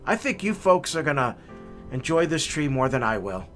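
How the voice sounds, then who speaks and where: A man's voice: a little high, very animated, normal speed, fairly bright tone, soft background music. A man voicing a generous tree lot attendant who talks in an easygoing, folksy way. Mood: kind.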